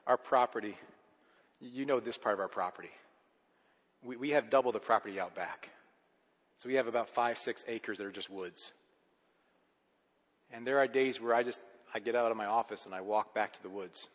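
A man preaching a sermon as pastor, swinging between hushed stretches and loud, emphatic declarations. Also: lowish voice. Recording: long reverb of a large hall.

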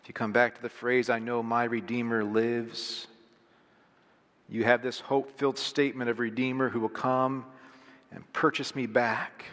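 A man's voice: medium pitch, level tone, brisk, fairly bright tone, long reverb tail. A middle-aged male pastor preaching a sermon in an earnest, emphatic way, leaning hard on single words. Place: large church hall.

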